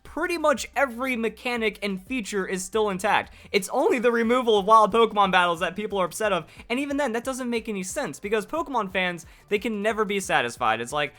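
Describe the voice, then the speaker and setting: A man's voice: sits high, lively intonation, fast talker, hardly any pauses, sharp tone. A man giving opinionated video commentary on a game, reading from an interview and arguing his point in a ranting way with lots of "like". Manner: argumentative and ranting, heavy use of "like". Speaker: YouTube gaming commentator.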